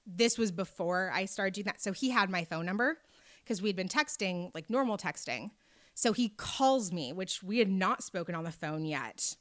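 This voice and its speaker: A woman chatting casually, telling an animated story and acting out the people in it. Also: mid-range voice, moderate pace. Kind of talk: casual chat.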